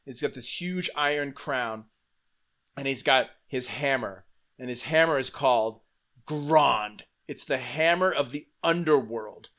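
Animated man telling a story casually. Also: medium pitch, measured pace. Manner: animated, swears freely, acts out quotes. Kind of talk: casual storytelling retelling a fantasy book.

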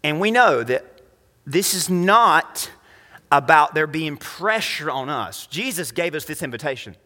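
Bright-voiced pastor preaching in a hall. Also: male voice, animated, measured pace. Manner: emphatic, swings between loud highs and quiet lows. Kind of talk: sermon. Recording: long reverb of a hall.

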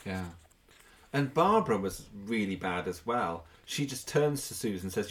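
A man's voice: fairly low pitch, expressive, normal speed, fairly bright tone. A man co-hosting a podcast, chatting casually about a TV episode, playful and fond of wordplay. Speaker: podcast co-host. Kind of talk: casual chat reviewing a TV episode.

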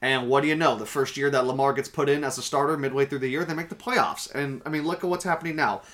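A man's voice: mid-range voice, fairly even intonation, quick pace, a bit bright. A young man co-hosting a casual sports podcast, emphatic and opinionated, swearing now and then. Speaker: podcast co-host.

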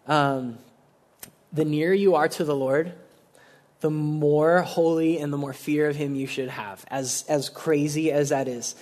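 Casual, slightly high-voiced young male preacher. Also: steady tone, a little slow, a little mellow. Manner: casual and conversational, full of "like", acts out quotes. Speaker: pastor. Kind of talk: sermon.

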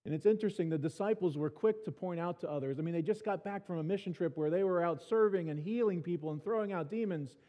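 Preaching from the sanctuary, this male pastor keeps things casual, with self-deprecating dry humor and plenty of restarts. His voice sits high but has a dark tone, moving fast with few pauses, and the church hall makes the recording reverberant and dull.

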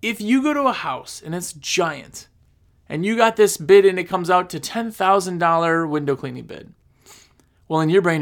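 Gravelly high-voiced man giving casual advice. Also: lively intonation, moderate pace. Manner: rambling, repeats himself, acts out customers. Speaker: cleaning business coach. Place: recording on his phone.

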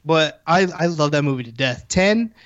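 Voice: medium pitch, animated, normal speed, lo-fi sound. A speaker in casual chat, rambling with many restarts and swearing freely while animatedly retelling scenes.

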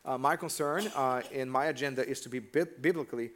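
A male pastor giving a relaxed, conversational sermon in a church. His voice sits at a medium pitch, and he talks directly to the congregation and throws questions at them. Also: fast.

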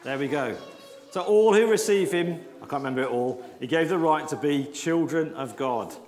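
A man's voice: fairly high pitch, expressive, normal speed, a little mellow. Jokey man leading a church children's talk. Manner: jokey, self-deprecating, coaxing children. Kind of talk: lively all-age church talk with props. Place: large church hall. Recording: echoey church hall with congregation.

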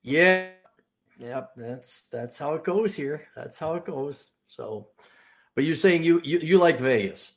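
A man's voice: on the high side, expressive, slow pace. A man hosting a casual late-night talk show over a video call, ranting in a crude, sarcastic way. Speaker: show host.

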